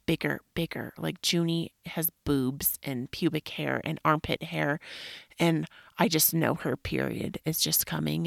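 A woman in her thirties hosts a casual solo podcast, candid and rambling, now and then slipping into a whisper or a swear. Her voice sits a little low. The sound is close and dry, with no room around it. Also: a little slow, vocal fry, dry recording. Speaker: podcast host.

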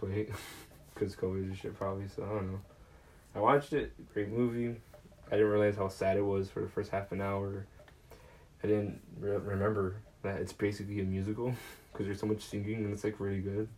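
A man with a low voice talks through a film plot in a loose, rambling way. He swears freely and fills gaps with fillers. Faint ambience sits behind him. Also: darkish tone, a little hiss or hum, poor audio. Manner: rambling, swears often, lots of fillers and laughs. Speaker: podcast host. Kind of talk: casual movie recap.

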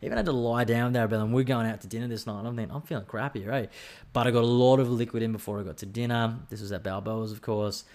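A man's voice: medium pitch, fast. A young man with an Australian accent telling a rambling, sweary story in a casual podcast chat, acting out bits of dialogue. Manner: rambling, sweary, animated storytelling with acted-out quotes.

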